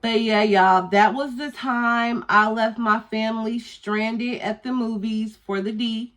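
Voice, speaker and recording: A woman's voice: a little high, fairly even intonation, takes it slowly, a bit bright. A young woman telling a candid, profane storytime to her vlog audience in a casual, drawling way. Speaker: YouTuber.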